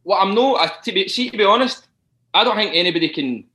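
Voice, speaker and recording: A man's voice: high voice, expressive, quick pace, bright, forceful tone. A Scottish man chatting casually as a guest, with frequent restarts and fillers. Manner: hesitant, lots of restarts and "do you know what I mean". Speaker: guest actor. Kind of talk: casual podcast chat.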